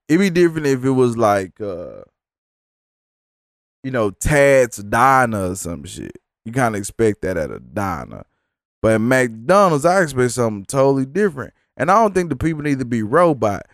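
A man rants through a casual story, profane and exasperated, his thoughts rambling. His voice sits at an everyday middle pitch, and the sound is dry and close. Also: dry recording.

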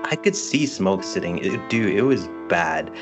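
A man's voice: low voice, very animated, measured pace, music in the background. A man co-hosting a casual podcast chat, laid-back and laughing often. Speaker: podcast co-host.

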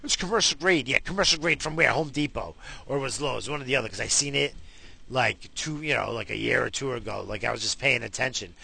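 Raspy, gravelly man ranting profanely. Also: medium pitch, brisk, bright, forceful tone. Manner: profane, rambling, exasperated. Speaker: vlogger with a wife and kids. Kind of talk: casual rant to camera.

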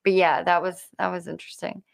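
A woman telling a personal story in casual conversation, halting often with fillers and restarts. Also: fairly low pitch, level tone, gravelly. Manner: hesitant, many fillers and restarts.

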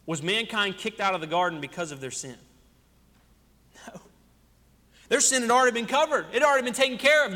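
A senior pastor with a very high, pushed and bright voice preaches to his congregation, asking rhetorical question after rhetorical question. The setting is a church sanctuary, and the sound trails off in long hall reverb.

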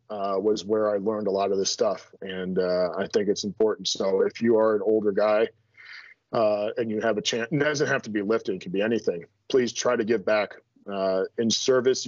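A man's voice: fairly low pitch, steady tone, normal speed, dry recording, lo-fi sound. A middle-aged man, a strength coach, talking as a podcast guest in a blunt, direct, self-deprecating way. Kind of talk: casual interview chat.

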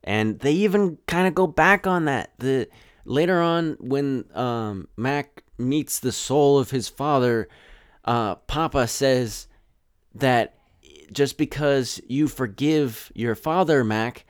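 A man's voice: mid-range voice, slow, clear, resonant tone. A man talks through a film in a loose, rambling way, often restarting mid-sentence. His tone leans sarcastic and exasperated. The sound is dry and close, with no room echo. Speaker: film reviewer. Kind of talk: casual spoken commentary.

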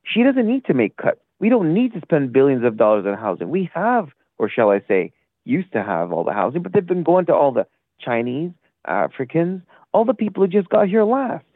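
A man's voice: on the high side, very animated, normal speed, dry recording. Indignant man ranting over a phone line. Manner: rambling, indignant, loses his thread. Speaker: caller. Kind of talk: call-in rant. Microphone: phone call.

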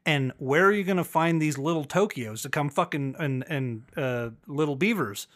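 A man co-hosting a podcast, chatting casually in a rambling, profane, animated way. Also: on the high side, moderate pace. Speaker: podcast co-host. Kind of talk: casual chat about wrestling.

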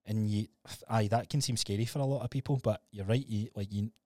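A man's voice: on the low side, fairly quick, dry recording, clean studio sound. A young man co-hosting a podcast, telling stories in a casual, sweary way. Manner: swearing, storytelling, animated retellings. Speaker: podcast co-host. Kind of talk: casual chat.

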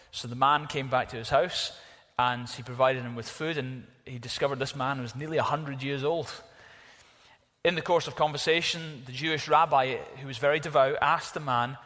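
A man preaching a sermon, emphatic, telling stories in an animated way. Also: medium pitch, normal speed, in a large hall.

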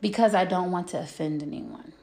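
A woman co-hosting a casual podcast with her husband, blunt and direct, animated and often restarting her thoughts. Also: fairly low pitch, brisk, creaky. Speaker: podcast co-host. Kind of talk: casual chat.

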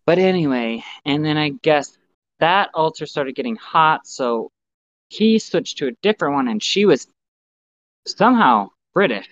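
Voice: medium pitch, lively intonation, unhurried, fairly bright tone. A podcast co-host in casual chat, giving blunt, profane, rambling opinions, recorded with slightly muffled audio.

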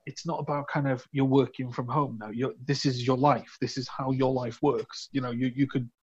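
A man's voice: medium pitch, flat delivery, moderate pace, darkish tone, husky. A man hosting a podcast, reflective and talking in restarts. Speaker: podcast host. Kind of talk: casual conversation. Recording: dull, slightly lo-fi sound.

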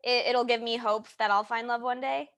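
A woman co-hosting a podcast in casual chat, giggly and animated, trailing off with fillers. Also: fairly high pitch, moderate pace, no room sound. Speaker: podcast co-host.

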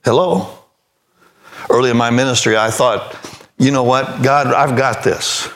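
A man's voice: medium pitch, steady tone, a little slow, fairly bright tone. Older male pastor, folksy storytelling sermon. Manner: folksy storytelling, acting out both sides of conversations; rising to emphatic preaching.

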